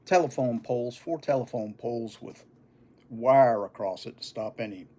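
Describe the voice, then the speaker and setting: An older man telling a childhood story in a folksy, unhurried way. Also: medium pitch, dark tone. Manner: folksy, unhurried, chuckling between lines. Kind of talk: casual oral storytelling.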